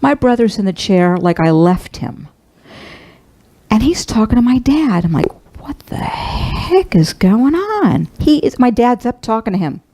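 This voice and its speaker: A middle-aged woman minister giving a sermon, telling a personal story in a tender, heartfelt, halting way. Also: a little high, lively intonation, mellow, low-quality recording.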